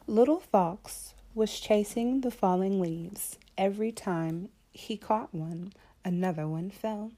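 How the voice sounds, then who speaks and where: A woman storyteller reading a children's picture book aloud, slow, calm and clear. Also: medium pitch.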